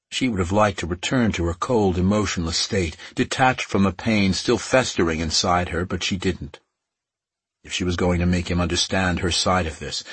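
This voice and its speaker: A man narrates an audiobook in a steady, measured way. His voice is low and heavily husky. The recording is close and dry, with no room sound. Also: dry recording.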